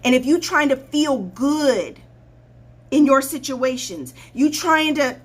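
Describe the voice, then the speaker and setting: A woman life coach with a high-pitched, expressive voice hosts her own livestream, speaking slowly and directly to viewers. She is blunt and preachy, repeating her points for emphasis.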